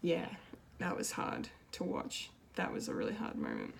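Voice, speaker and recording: A woman's voice: low-pitched, huge pitch swings, normal speed, gravelly, background noise. A woman giving an unscripted, emotional film review, gushing and restarting her sentences with many fillers. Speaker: pop culture video reviewer.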